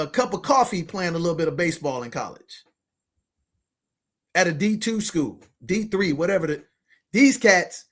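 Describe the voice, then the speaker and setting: A man in his fifties telling a motivational story to his listeners, animated and slangy, often calling out to them as ladies and gentlemen. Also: sits high. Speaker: podcast host and money coach.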